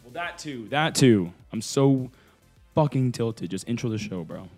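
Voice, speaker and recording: A man's voice: medium pitch, animated, moderate pace, a little mellow, faint music behind. A man co-hosting a podcast, ranting in playful mock anger with slang and swearing during casual banter. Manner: mock-angry ranting, joking. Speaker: podcast co-host.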